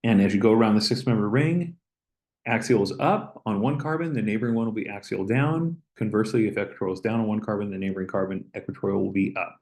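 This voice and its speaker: A man lecturing, explaining step by step as he draws and pausing on an occasional "okay". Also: lowish voice, a little mellow, low-quality recording. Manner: plain, step-by-step explaining with okays. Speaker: chemistry lecturer. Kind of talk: recorded lecture while drawing.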